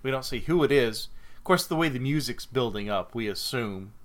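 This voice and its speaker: A man co-hosting a podcast methodically retells a film's plot step by step in casual conversation, growing slightly exasperated when interrupted. His medium-pitched voice has lively intonation and a slightly fast pace.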